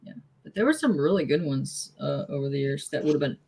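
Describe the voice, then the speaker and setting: Lively playful woman on a stream. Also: deep voice, brisk, slightly rough. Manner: playful, laughs a lot, eager. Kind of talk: late-night livestream chat.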